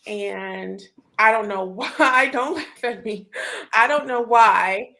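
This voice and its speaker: A woman hosting a casual group chat, telling a story in an animated way, full of fillers and laughter. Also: a little high, slow pace, vocal fry. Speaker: host.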